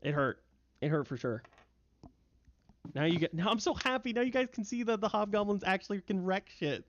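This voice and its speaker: A man's voice: high voice, brisk, a little hiss or hum. A young man narrating a tabletop game as game master, vivid and full of fillers, on a voice call. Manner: vivid, filler-heavy narration with bursts of excitement. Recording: dull, dry lo-fi mic.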